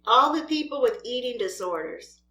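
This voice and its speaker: A woman's voice: on the high side, lively intonation, normal speed, sharp tone, echoey room. A woman mukbang vlogger ranting in an exasperated, scolding way at other creators while she eats. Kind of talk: ranting vlog while eating.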